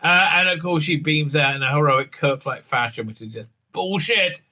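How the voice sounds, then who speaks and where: A man's voice: on the high side, moderate pace, heavy background noise. A man hosting a sarcastic, profane recap of a TV episode, full of mocking asides and filler sounds. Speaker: show reviewer, channel host.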